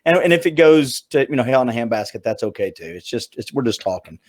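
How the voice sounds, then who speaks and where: A middle-aged man with a broad Southern accent hosts a casual livestream chat. He talks fast and loosely in an ordinary mid-range voice. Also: medium pitch. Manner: fast, relaxed talker. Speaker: podcast host. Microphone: livestream video call.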